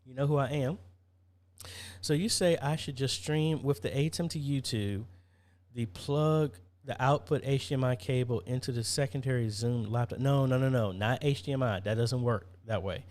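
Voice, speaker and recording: A man's voice: medium pitch, normal speed, darkish tone. A man hosting a casual live-stream Q&A, chatty, reading viewer comments aloud and answering them.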